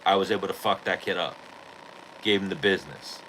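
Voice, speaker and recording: A man hosting a podcast, casually retelling a street fight in a profane, animated way. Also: sits low, brisk, a little hiss or hum, low-quality recording. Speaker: podcast host. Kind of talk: casual storytelling.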